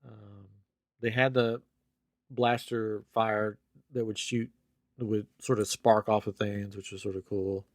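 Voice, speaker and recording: A man's voice: on the low side, a little slow, dry recording. Man chatting on a dry close mic. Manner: animated storytelling with laughs. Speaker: podcast host. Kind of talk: casual chat.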